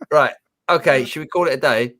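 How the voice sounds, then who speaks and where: A man's voice: medium pitch, sharp tone. A man co-hosting a live music Q&A stream, upbeat and reading out viewer comments and questions. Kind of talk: casual live-stream chat.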